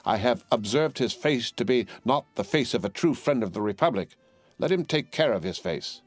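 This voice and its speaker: A man's voice: on the low side, moderate pace, a little mellow, lightly acted. A man reading an audiobook and voicing a hard, vengeful woman who speaks with cold contempt. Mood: contemptuous. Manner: contemptuous, repeating herself coldly.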